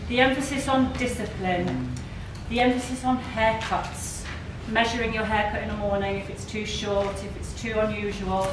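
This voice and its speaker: A woman's voice: mid-range voice, steady tone, normal speed. Woman at a meeting, earnest list-driven speech; far off, echoey noisy hall. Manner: earnest, building lists, some restarts. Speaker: speaker at a public meeting.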